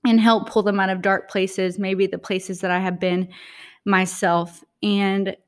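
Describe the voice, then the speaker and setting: A woman's voice: mid-range voice, little pitch movement, a little slow. Earnest woman hosting a spiritual podcast. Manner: earnest, heartfelt and reflective. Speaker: podcast host.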